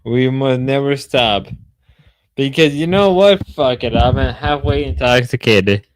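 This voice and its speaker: A man's voice: medium pitch, a little slow, no echo. A drunk man livestreaming in casual chat, rowdy and rambling, whooping between lines.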